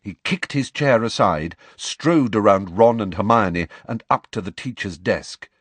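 A man narrating an audiobook in an expressive storytelling manner. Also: on the low side, measured pace, husky, no room sound. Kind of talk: scripted narration.

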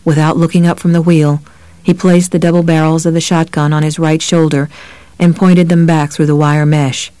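A man narrating a novel as an audiobook in a steady, even storytelling manner. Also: on the high side, moderate pace, clean tone, dry recording.

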